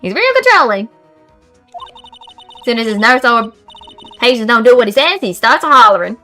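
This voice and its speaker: A woman voicing a brash young female photographer with a put-on Southern American twang, loud and gossipy. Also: fairly high pitch, sing-song, moderate pace, faint music behind, voice pushed up.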